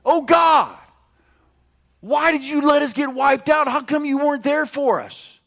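A man's voice: unhurried, exaggerated voice. A man voicing a distraught male leader crying out to God in a raised, pleading voice. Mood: anguished pleading. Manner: pleading, high and loud.

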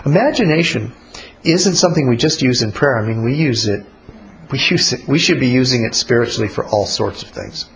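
A man's voice: mid-range voice, lively intonation, fairly quick, poor audio. Male prayer teacher, mid-range voice, casual and blunt, with a light hiss behind him. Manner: blunt, colloquial, acts out little spoken exchanges.

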